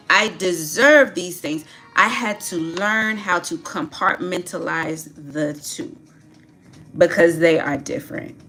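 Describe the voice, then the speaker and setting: A woman leading a group through spoken affirmations in a slow, emphatic call-and-response, urging them to repeat after her. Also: fairly low pitch, fairly bright tone.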